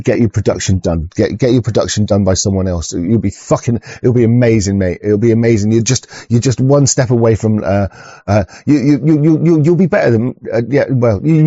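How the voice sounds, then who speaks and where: An online show host with a warm, medium-pitched male voice rambles through a casual monologue, swearing often and stumbling over restarts in a crude way. The recording is dull and lo-fi, with no echo.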